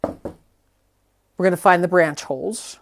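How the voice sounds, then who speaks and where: A woman vlogger with a lowish voice talks slowly as she narrates her restoration of a vintage tree, chatting to herself in a slightly nervous way. It's casual hands-on how-to narration, with a little hiss or hum in the audio.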